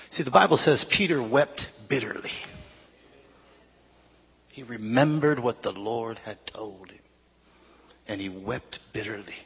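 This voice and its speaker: A man preaching a sermon, telling his own story in a confessional way that builds to loud, shouted preaching. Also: mid-range voice, unhurried, vocal fry, pauses often, slightly rough. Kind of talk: sermon testimony.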